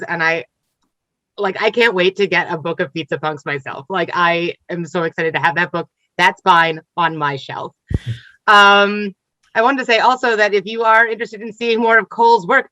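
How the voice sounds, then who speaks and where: A woman's voice: mid-range voice, sharp tone, no room sound, dull audio. A woman hosting a comics festival panel online, upbeat and chatty with frequent ums. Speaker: festival event host.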